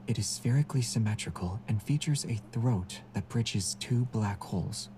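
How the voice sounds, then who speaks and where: A man voicing a calm, soft-spoken young man in a game, speaking in a measured tone with careful enunciation. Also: on the low side, a little hiss or hum, lightly acted. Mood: lecturing. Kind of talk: game character voice-over.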